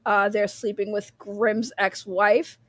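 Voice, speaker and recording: A woman's voice: medium pitch, little pitch movement, takes it slowly, no echo. A young woman, rambling bluntly in casual livestream commentary, laughing often and swearing freely.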